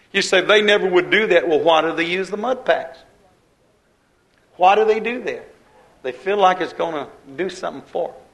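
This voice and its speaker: Male preacher, high voice, rhythmic repetitive sermon delivery. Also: fairly quick, fairly bright tone, poor audio. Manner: rhythmic repetition, rising and falling emphasis.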